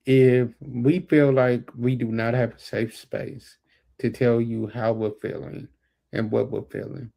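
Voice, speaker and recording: A man's voice: medium pitch, creaky, dark tone. A man co-hosting a podcast, talking emphatically and repeating his points. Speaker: podcast co-host and executive producer. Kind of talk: casual podcast chat.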